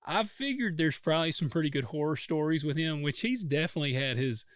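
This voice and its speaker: A man's voice: on the high side, expressive, quick pace, no echo, clean studio sound. A man hosting a podcast, easygoing and laughing along with his guest. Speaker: podcast host. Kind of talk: casual chat.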